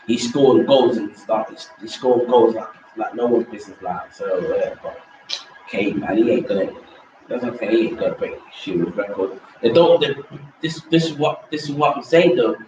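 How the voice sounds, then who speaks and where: A man's voice: fairly low pitch, normal speed, a little mellow, lo-fi sound, slight background noise. A man hosting a casual football rant, rambling, repeating himself and dismissing players in slang. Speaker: host. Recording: echoey room from far off mic.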